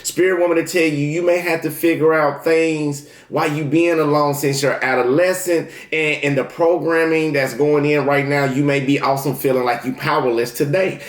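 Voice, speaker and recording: Guy doing a casual tarot reading, aave, echoey room, repeats himself a lot. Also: mid-range voice. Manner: talks straight to the viewer, repeats phrases, many restarts. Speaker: tarot reader. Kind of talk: casual spiritual reading to camera.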